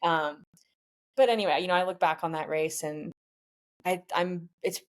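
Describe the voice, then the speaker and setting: A woman's voice: on the low side, steady tone, normal speed. A woman in her twenties, a professional triathlete, chatting candidly in an interview and retelling a tough race while quoting herself and others along the way. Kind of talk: casual storytelling in a podcast interview.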